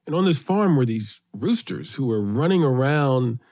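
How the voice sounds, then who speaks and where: A middle-aged man from Brooklyn, New York, guest in an interview, telling childhood stories in an animated way, his voice lifting when excited. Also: normal speed. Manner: animated storyteller, rises in pitch when excited. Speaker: guest, children's author and poet. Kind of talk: storytelling interview.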